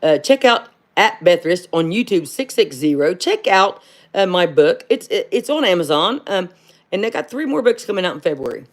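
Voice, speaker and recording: A woman from hosting a casual livestream and answering viewer comments. She speaks bluntly, fills pauses with "uh", and calls everyone "honey". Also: lowish voice, sing-song. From southern Ohio. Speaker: livestream host.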